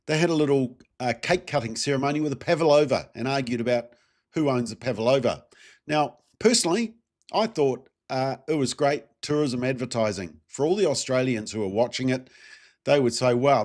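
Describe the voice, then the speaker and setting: A man, talking through his points in a loose, conversational way. He fills pauses with frequent ums and uhs and throws rhetorical questions at his viewers. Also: medium pitch. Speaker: political commentary host. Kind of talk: casual solo political commentary.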